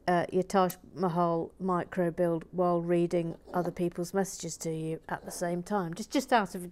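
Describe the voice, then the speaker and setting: A woman hosting a casual building vlog, chatting with viewers and often murmuring softly to herself as she works. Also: on the low side, level tone, moderate pace, few pauses. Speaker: host.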